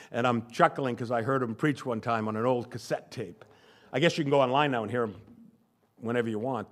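An older male pastor giving a sermon, stressing and repeating key phrases. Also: mid-range voice. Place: church sanctuary.

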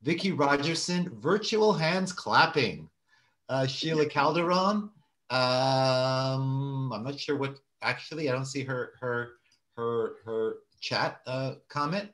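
Halting male host reading out comments. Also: medium pitch, a bit bright. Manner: halting, many "uh" fillers, apologetic. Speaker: meeting host.

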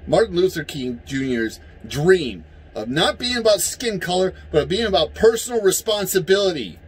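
Angry vlogger, male, high husky voice, swears freely and yells. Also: big pitch swings, moderate pace, poor audio. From United States. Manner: heated, profane, yelling at times. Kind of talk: angry political rant.

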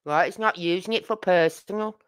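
Brummie woman rambling away to her viewers, low and smooth, lots of ums. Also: fairly quick. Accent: Birmingham. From Birmingham, England. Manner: chatty, rambling, with fillers and asides. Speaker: livestream host. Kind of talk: casual chat to a live chat.

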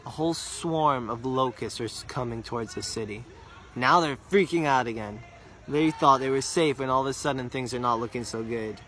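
A man telling a religious story earnestly, repeating words for emphasis and slowing down on details. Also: mid-range voice, a bit bright.

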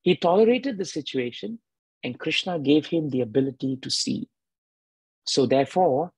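Husky male preacher, emphatic, repeats key points, dry close sound. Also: a little high, a little mellow, dry recording, rough recording. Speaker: devotional speaker. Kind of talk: sermon.

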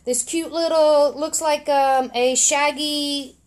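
A woman's voice: high voice, fairly even intonation, slow. Meandering middle-aged woman reading aloud. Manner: meandering, hesitant, many fillers. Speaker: podcast guest reader. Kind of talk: casual storybook reading on a podcast.

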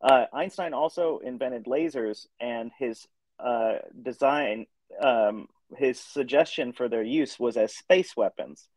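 A man's voice: mid-range voice, slow, darkish tone, no room sound. Hesitant man interjecting, dry sound. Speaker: meeting participant. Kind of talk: casual group discussion.

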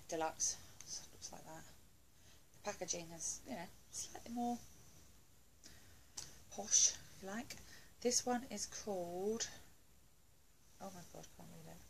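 A woman's voice: medium pitch, vocal fry, a little hiss or hum, rough recording. A woman doing a casual beauty haul video at home, chatty and gushing, with lots of fillers and asides. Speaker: beauty vlogger.

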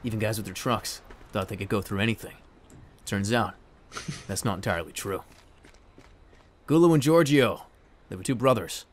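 A man's voice: on the low side, moderate pace, voice pushed down, close to an everyday voice. A man playing a weary survivor narrator. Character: weary male post-plague survivor narrator.

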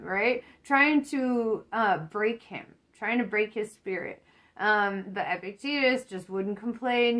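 A woman giving a casual tarot reading, rambling and encouraging, swearing freely. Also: medium pitch. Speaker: tarot reader.

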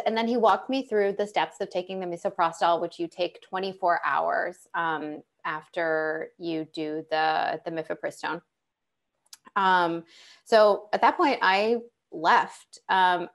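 Young adult woman, low-pitched, animated personal storyteller, many "um"s and restarts. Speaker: panel guest sharing personal story. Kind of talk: conversational personal account.

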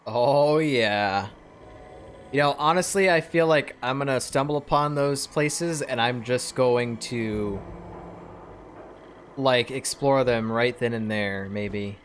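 A man's voice: medium pitch, slow pace, slight background noise. A man giving casual, musing commentary while playing a game, with a laid-back manner. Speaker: gamer.

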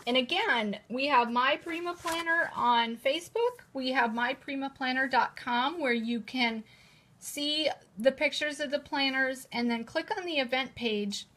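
A woman's voice: high-pitched, measured pace, bright, forceful tone. A woman hosting a casual live-stream showcase of new planners, gushing and chatty as she repeats how cute each page is. She sits at a table, speaking to a camera in a holder. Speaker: host presenting new planners. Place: indoors at a table at home.

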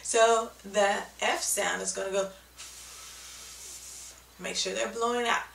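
A woman's voice: medium pitch, fairly even intonation, slow pace, vocal fry, fairly bright tone, roomy sound, far from the mic, a little hiss or hum, low-quality recording. A woman giving a patient, step-by-step video lesson on speech sounds, often checking in with "okay?". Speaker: speech therapy teacher.

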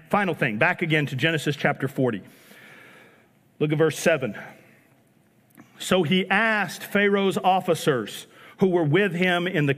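High-voiced pastor in a reverberant hall. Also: male voice. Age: 40s. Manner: animated, repeats phrases for emphasis, acts out dialogue. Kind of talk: sermon. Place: church sanctuary. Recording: church hall with long reverb.

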